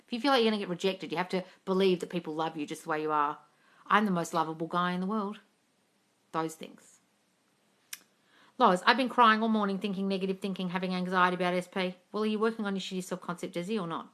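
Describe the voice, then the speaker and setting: A woman's voice: fairly low pitch, quick pace, a bit bright. A woman coach answering viewer questions on a live stream, blunt and sweary, calling people darling.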